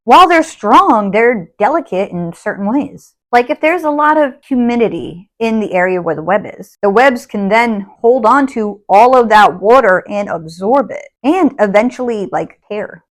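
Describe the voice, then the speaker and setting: Sitting by an open window at home, a young woman vlogger creating witchcraft content tells casual stories to the camera in a fairly high voice. She's chatty and rambling, leaning on "like" and "you know what I mean," and grows animated when reliving memories.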